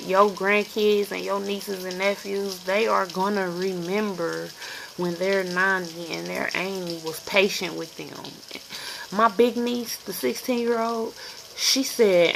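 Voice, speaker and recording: A woman's voice: medium pitch, steady tone, takes it slowly, gravelly, background noise. A woman in her forties giving a candid, profane spiritual reading vlog as an intuitive card reader, often asking "you feel me.". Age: 40s.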